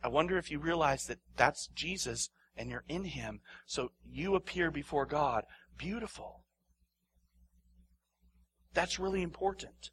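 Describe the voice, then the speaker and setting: A man preaching a sermon as pastor. He swings between loud, emphatic lines and hushed near-whispers, laughs often, and repeats phrases for effect. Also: on the high side, measured pace.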